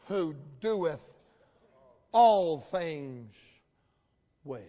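An older man preaching a sermon, emphatic, building to shouted peaks with drawn-out dramatic phrasing. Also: a little high. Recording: long hall reverb.

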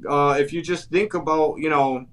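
A man's voice: on the high side, steady tone, normal speed, fairly bright tone. A man from Wisconsin with an Upper Midwest accent, a guest talking fervently and emphatically, repeating himself and restarting phrases. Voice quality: emphatic, repetitive, full of restarts. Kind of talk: fervent talk-show chat.

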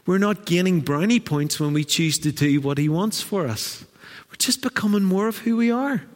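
A man preaching a sermon as pastor, animated and acting out the voices he quotes. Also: high-pitched, normal speed. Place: church hall. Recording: church hall with long reverb.

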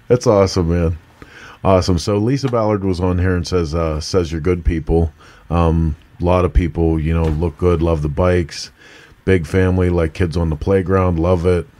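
Pittsburgh guy hosting, real low voice, chummy and hyped about the bikes. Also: fairly even intonation, normal speed, dark tone. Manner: enthusiastic, laid-back, chummy. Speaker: show host. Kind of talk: casual interview chat.

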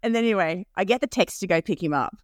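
A woman's voice: lowish voice, lively intonation, quick pace, dry recording, studio quality. A woman co-hosting a podcast, telling a story in casual chat and laughing often. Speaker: podcast co-host.

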